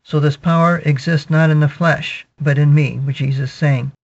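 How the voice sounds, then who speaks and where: Male preacher, slightly high voice, steady teaching cadence, repeats "okay" a lot; muffled lo-fi recording. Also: gravelly. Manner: measured teaching, peppered with "okay" and repetitions. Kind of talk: sermon, verse-by-verse Bible exposition. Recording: dull lo-fi recording.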